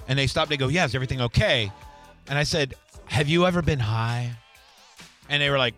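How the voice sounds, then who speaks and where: A middle-aged man with a bright, forward voice talks casually as host and tells his stories with energy. He slips into other people's voices as he retells them. Soft music sits faintly underneath. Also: medium pitch, brisk. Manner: animated storyteller, acts out quoted voices. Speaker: podcast host. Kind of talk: casual chat, storytelling.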